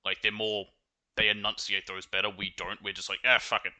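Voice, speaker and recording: A man's voice: fairly low pitch, level tone, fairly quick, pushed and bright. A man with an Australian accent, chatting casually while playing a video game on stream. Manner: chatty and rambling.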